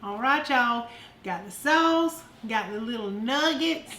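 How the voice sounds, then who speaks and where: A woman's voice: fairly high pitch, expressive, slow pace, pushed and bright, echoey room, soft background music. Folksy older woman cooking. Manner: folksy, affectionate, calls viewers honey and y'all. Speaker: cooking show host. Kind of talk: casual home cooking chat. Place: home kitchen.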